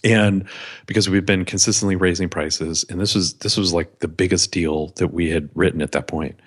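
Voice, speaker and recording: A man with a fairly low voice talks as a podcast guest. He tells candid stories about his business and pokes fun at his own mistakes. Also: steady tone, normal speed, husky. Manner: candid, self-deprecating anecdotes. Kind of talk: podcast interview storytelling.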